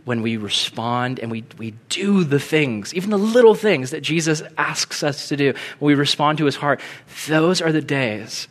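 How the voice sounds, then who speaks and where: A male pastor giving a sermon in an earnest, conversational voice of middle pitch. He swells to emphatic points and then drops low and soft when he prays.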